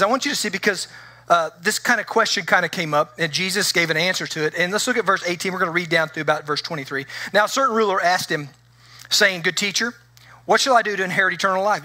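Male pastor, conversational preaching that acts out quotes; bright tone, close dry sound. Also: high voice, dry recording. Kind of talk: sermon.

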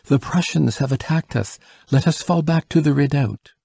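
Man doing a frantic young soldier for a storybook, raised pitch, husky, urgent. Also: lively intonation, unhurried, mellow, dry recording, clean studio sound, exaggerated voice. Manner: urgent, breathless. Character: frantic young male soldier bringing bad news.

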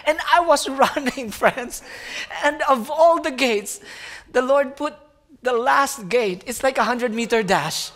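A young man, preaching as a guest speaker and telling a personal story in an animated way, often calling his listeners friends. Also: very high voice, measured pace. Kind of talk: sermon storytelling.

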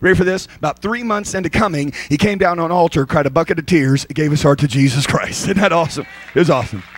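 Male pastor, a bit high and breathy, preaching with lively humor at a church service. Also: quick pace. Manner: energetic, joking preaching. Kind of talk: sermon.

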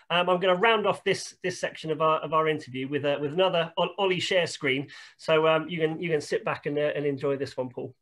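A man's voice: on the high side, a bit bright. A man hosting a video call interview, encouraging his guest, with frequent restarts. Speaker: interview host.

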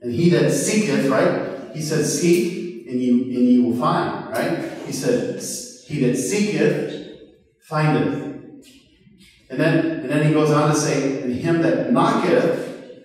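A man's voice: a little high, a little mellow. Guy giving a chatty sermon, keeps asking the crowd "okay?", big echoey church hall. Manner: conversational, halting, repeats words, asks the crowd questions. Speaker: preacher. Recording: roomy hall from far off.

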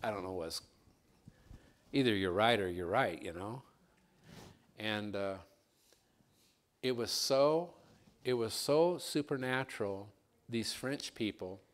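Animated male pastor telling a story. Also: on the low side. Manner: animated storyteller, rising and louder when excited. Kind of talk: sermon with storytelling.

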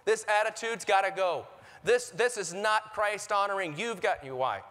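A pastor delivers a sermon in a lively, conversational way, breaking into quoted voices along the way. His voice sits a little high for a man. The sanctuary adds a long, ringing reverb. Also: normal speed. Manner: animated preaching, acts out quoted voices, laughs at own jokes. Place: church sanctuary. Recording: reverberant church hall.

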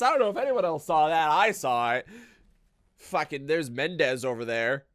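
Excitable man swearing through gameplay. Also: on the high side, normal speed, no echo. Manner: excitable, profane, joking. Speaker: streamer. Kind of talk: casual gameplay commentary.

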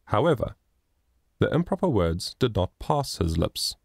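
A man narrating a moral children's story in a measured, expressive reading. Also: on the low side, gravelly, no echo, clean studio sound. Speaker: audiobook narrator.

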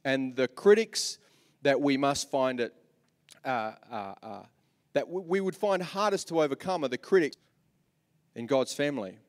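A man with an Australian accent preaching a sermon as pastor, animated, swinging from soft asides to loud repeated lines. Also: mid-range voice, normal speed, pauses often. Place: large church hall. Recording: long reverb of a church hall.

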